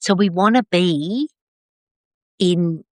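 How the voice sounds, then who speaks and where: Gentle, affirming woman leading a circle. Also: on the low side, dry recording, clean studio sound. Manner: gentle, affirming, drawn-out phrasing. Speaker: circle facilitator. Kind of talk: live video circle, reading out comments.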